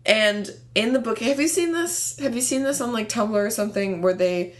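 Casual young woman cohost, kinda high voice, laughs a ton, gets fired up. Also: fast, hardly any pauses. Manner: animated, laughs often, passionate rants. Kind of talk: casual chat.

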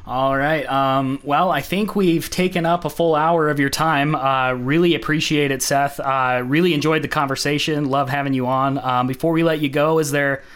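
A man's voice: on the high side, steady tone, moderate pace, few pauses, fairly bright tone, smooth. A man hosting a podcast, asking questions and wrapping up in an easygoing, polite way. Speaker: podcast host. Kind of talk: casual interview chat.

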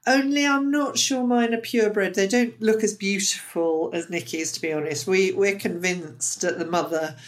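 A woman co-hosting a casual chat podcast, gentle and chatty, wandering into personal asides. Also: mid-range voice, steady tone, moderate pace, few pauses. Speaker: podcast co-host.

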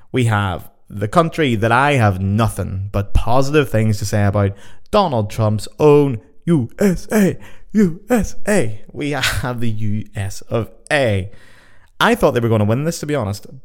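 A man hosting a podcast, counting down results like a game show in a sweary, jokey, excitable way while on a sugar high. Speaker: podcast host.

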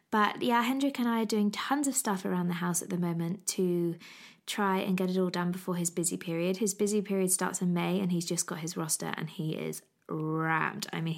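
A young woman hosting a podcast in a casual, chatty way, gushing and often repeating herself. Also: fairly low pitch. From England. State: pregnant. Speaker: podcast host. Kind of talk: casual chat.

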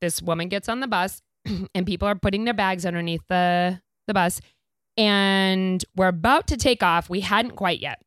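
A woman telling a wild story in casual chat, animated and laughing as she goes. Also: medium pitch, normal speed, clear, resonant tone, no echo, studio quality.

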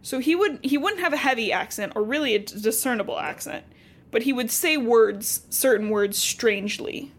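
A woman from Cincinnati co-hosting a podcast, casually recapping a book with lively, profane asides. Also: on the high side, normal speed. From Cincinnati, USA. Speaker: podcast co-host.

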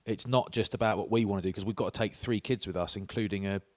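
A man's voice: on the low side, steady tone, fast. A man, chatting on a podcast and telling stories with laughs and swearing. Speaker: podcast co-host. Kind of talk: casual chat.

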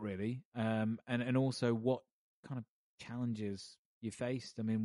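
A male host asks thoughtful questions in a measured, unhurried way. His voice sits in a middle pitch. The sound is dry and close. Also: darkish tone, dry recording. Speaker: interview host. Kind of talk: casual interview chat.

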